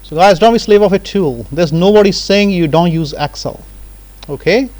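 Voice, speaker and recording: A man's voice: high voice, normal speed, a little mellow, poor audio. Man lecturing, peppering with "right?". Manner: casual, repeats "right?" and "okay?" as check-ins. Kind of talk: live software tutorial lecture.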